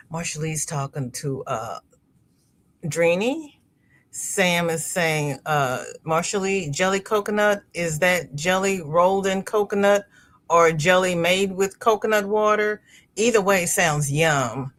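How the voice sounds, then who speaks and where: Woman, live-stream host, casual chat, reads comments, chuckles a lot, slow relaxed delivery. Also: mid-range voice. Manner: chatty, laughs often, repeats words. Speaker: livestream host.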